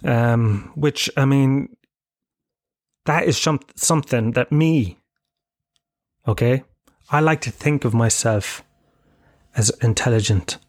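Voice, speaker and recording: A man's voice: medium pitch, slow pace, long pauses. Irish man, 30s, solo podcast host, rambling, sweary, self-mocking. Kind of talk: casual solo monologue. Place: home room with bookshelves.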